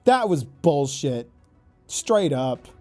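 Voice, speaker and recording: A man's voice: a little high, sing-song, slow pace, warm tone, soft background music. A man giving casual gameplay commentary, exasperated and profane, stammering and repeating words as he reacts. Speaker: gaming YouTuber.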